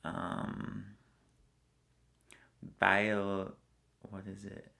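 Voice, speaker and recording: A man's voice: on the low side, completely flat delivery, very slow, gravelly, pushed and bright. An American man talking casually in an interview, rambling and filling his speech with "like" all the time. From United States. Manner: rambling, fills with "like" constantly. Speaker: interviewee, traveler.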